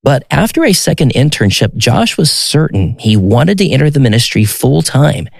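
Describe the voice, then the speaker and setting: A man doing scripted narration in a measured, steady way. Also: medium pitch, creaky, slightly rough, no room sound.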